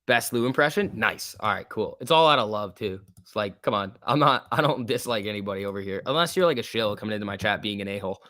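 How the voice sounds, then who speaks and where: A man's voice: lowish voice, lively intonation, fast, hardly any pauses, bright, forceful tone, no echo, clean studio sound. Chatty man livestreaming stock commentary. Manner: loose and chatty, with many fillers like "like" and "um"; reads viewer questions aloud and answers them. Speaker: stock trading livestream host. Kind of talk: casual live market commentary, answering chat.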